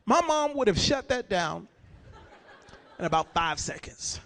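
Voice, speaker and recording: A stand-up comedian in his forties with a strikingly high voice for a man. He tells his stories with animation, slipping in and out of the characters he describes. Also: unhurried, some chatter behind. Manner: animated storytelling, acting out characters.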